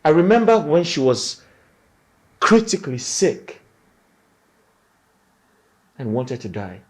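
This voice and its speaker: A bitter Nigerian husband. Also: male voice, on the high side, very animated, slow pace, low-quality recording. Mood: heartbroken. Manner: bitter, accusing, shouting at times. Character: heartbroken, bitter young husband. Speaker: wronged husband. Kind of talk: Nollywood screen acting. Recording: film soundtrack with music.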